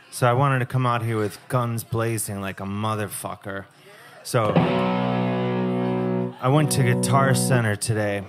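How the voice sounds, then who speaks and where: A man performing a crude, deadpan stand-up comedy set on a live music club stage, speaking into a stage microphone. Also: medium pitch. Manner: deadpan, crude, rambling storytelling.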